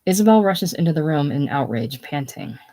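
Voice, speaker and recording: A person casually reading a stage play aloud, giving the stage directions in a plain, unhurried way. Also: mid-range voice, expressive, mellow. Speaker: reader.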